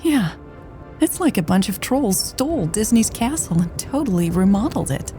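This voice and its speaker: A woman voicing a shy, excitable young woman. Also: mid-range voice, moderate pace, faint music behind, pitched above the performer's own voice, lightly acted. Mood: excited, awed.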